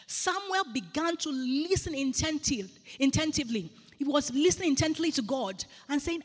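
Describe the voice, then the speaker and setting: A woman's voice: sits high, animated, normal speed, few pauses, in a large hall. A woman preaching a sermon in a church, earnestly repeating phrases for emphasis.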